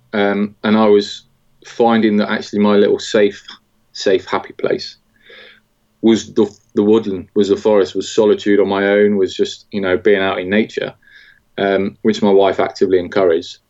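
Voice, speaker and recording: British guy in his 40s, lowish voice, kinda muffled audio, lots of ums and restarts, telling it straight. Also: steady tone, darkish tone. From Britain. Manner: halting, with many restarts and fillers. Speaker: guest, military veteran. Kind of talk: candid interview conversation.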